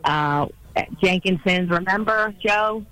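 A woman's voice: medium pitch, a little slow, fairly bright tone, poor audio. A woman in her late fifties from Rhode Island, a former radio colleague chatting and teasing playfully over the phone. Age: 50s. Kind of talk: casual chat on a phone call. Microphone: phone line.

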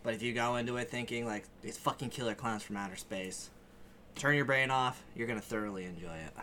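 A young man co-hosting a podcast, giving relaxed, profane opinions in casual chat. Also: mid-range voice, brisk, slight background noise. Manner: relaxed, swearing film opinions. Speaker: podcast co-host.

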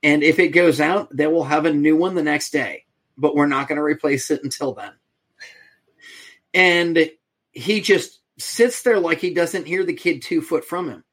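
A middle-aged man tells a story as a podcast guest, in a voice that sits a little high for a man. He acts out each side of the conversation, changing his voice for each speaker. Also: a little slow, slightly rough. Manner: animated storyteller, acts out quoted exchanges.

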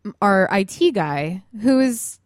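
A woman co-hosting a podcast in casual chat, telling stories with an animated, laugh-filled delivery and plenty of swearing. Her voice sits at a middle pitch. The sound is dry and close. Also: slow, dry recording. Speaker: podcast co-host.

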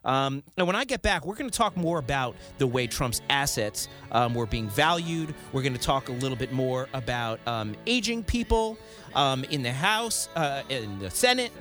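A man hosting a political talk show, opinionated and animated, often laughing and mimicking the people he criticizes. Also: mid-range voice, normal speed, soft background music.

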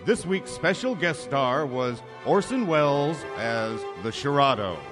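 An actor playing an old-time radio show announcer, delivering a formal sign-off in an announcing cadence. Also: male voice, medium pitch, animated, a little slow, over music, natural voice. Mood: grand.

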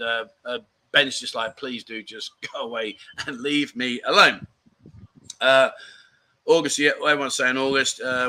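A man's voice: a little high, pushed and bright. A man hosting a live chat show outdoors, rambling casually as he reads out viewer comments. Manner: rambling and chatty, with many restarts and asides. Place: outdoors in a garden under trees.

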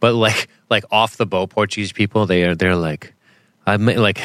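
A man's voice: lowish voice, fairly even intonation, moderate pace, a bit bright, no echo. A man from southeastern Massachusetts co-hosting a casual chat, crude and profane, joking often. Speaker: podcast co-host.

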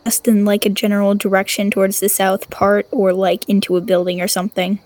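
Female player, middle pitch, hesitant casual speech. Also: monotone, fairly quick, a little mellow, no room sound. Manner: hesitant, full of likes. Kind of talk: casual tabletop play.

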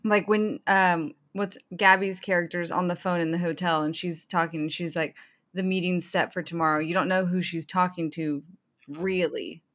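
A woman in a casual movie chat, with a slightly low voice. She teases the others and talks with animation, trading quick remarks around the table. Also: steady tone, a bit bright. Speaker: podcast co-host.

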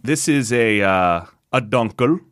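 A man's voice: medium pitch, slow, clean tone, dry recording, studio quality. Laid-back man rambling about beer. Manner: relaxed, rambling, full of fillers. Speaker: podcast co-host. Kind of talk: casual beer-tasting chat.

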